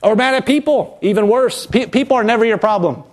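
A man preaching a sermon as pastor, lively and animated, acting out quotes from the people he talks about. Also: high voice, fairly quick.

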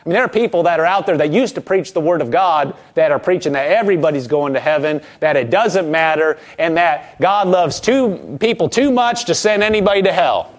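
Male preacher, high voice, animated sermon delivery with acted-out quotes. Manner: animated, acts out quoted voices, reads scripture slowly.

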